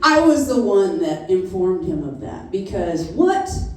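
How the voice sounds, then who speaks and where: A woman's voice: mid-range voice, big pitch swings, unhurried, a little mellow, recorded from a distance. A woman in her fifties doing a stand-up comedy set, telling blunt, profane stories on a comedy venue stage. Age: 50s. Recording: echoey room picked up from afar.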